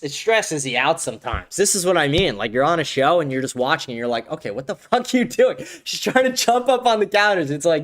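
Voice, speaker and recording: A young man hosting a casual livestream from home, blunt and profane, ranting and breaking into excited shouts. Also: fairly high pitch. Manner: animated, bursts of excited shouting. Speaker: livestream show host. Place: home, with a dog nearby.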